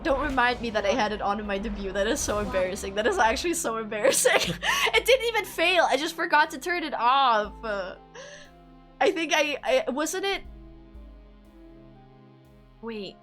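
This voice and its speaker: A woman's voice: fairly high pitch, lively intonation, moderate pace, fairly bright tone, soft background music. A woman streamer chatting casually to her viewers, giggly and self-deprecating. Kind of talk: casual live-stream chat.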